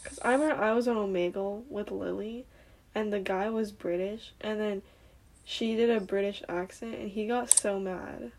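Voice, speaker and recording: A woman's voice: mid-range voice, steady tone, normal speed, darkish tone. A young woman co-hosting a casual livestream chat, telling stories animatedly and asking emphatic questions. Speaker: livestream co-host.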